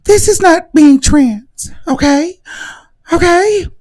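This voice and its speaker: A man putting on a breathy, moaning falsetto caricature. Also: darkish tone. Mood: mocking. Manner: drawn-out, mocking. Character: breathy, moaning, mocking high-voiced caricature in a wig. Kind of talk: live-stream parody.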